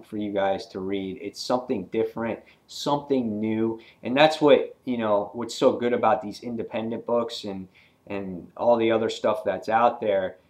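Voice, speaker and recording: A man giving a casual, excitable comic book review, rambling with frequent fillers and restarts. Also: lowish voice.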